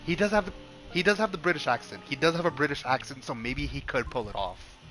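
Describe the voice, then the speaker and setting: A man's voice: fairly high pitch, fast talker, sharp tone, soft background music. A young man streaming a game, chatting casually in a rambling, profane way, full of stop-start restarts.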